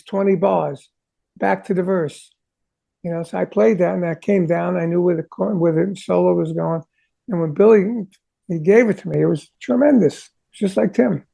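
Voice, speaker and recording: A rock drummer, appearing as an interview guest, shares studio anecdotes in a casual storytelling chat. His voice is high and heavily gravelly, with a dark, mellow tone. He's animated throughout, singing drum parts aloud and acting out the conversations people had with him.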